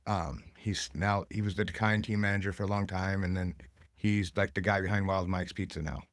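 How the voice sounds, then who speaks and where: Middle-aged shop owner guest, lowish voice, rambling and relaxed, dry close mic. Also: male voice, brisk, no echo. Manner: loose, rambling storytelling with many fillers. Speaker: skate and snowboard shop owner, podcast guest. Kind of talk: casual podcast chat.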